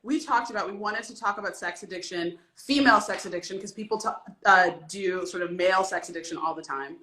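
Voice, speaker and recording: Bright-voiced woman interviewing in an echoey room. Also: mid-range voice, a little fast, slight background noise. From United States. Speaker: showrunner, interviewer. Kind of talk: interview conversation.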